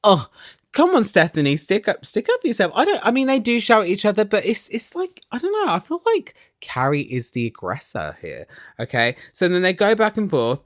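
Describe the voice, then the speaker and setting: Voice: medium pitch, wildly swooping pitch, brisk, dry recording, studio quality. A vlogger ranting casually and sarcastically through a reality TV recap, opinionated and swearing.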